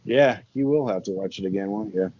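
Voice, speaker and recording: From his barn, door open and fan running, a man hosts a horror comedy podcast, chatting casually and rambling with plenty of fillers and laughter. He speaks briskly in a warm, lowish voice, with the highs cut off and slight background noise.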